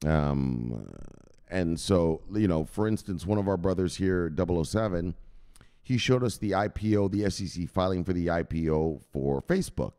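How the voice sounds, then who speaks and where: A man's voice: low voice, expressive, moderate pace, warm tone, smooth. A man hosting a crypto channel, giving a coarse, swearing motivational rant and constantly asking "right?".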